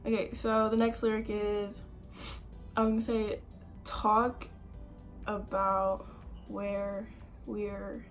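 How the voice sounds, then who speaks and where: Young woman vlogger, high voice, unhurried, giggly and jittery, faint music behind. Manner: nervous and giggly, many "like" fillers. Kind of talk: casual vlog talk.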